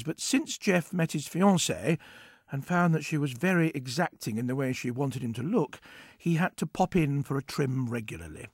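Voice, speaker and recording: Male narrator, expressive story reading, lively pitch, dry sound. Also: slightly rough, no echo. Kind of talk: storytelling read-aloud.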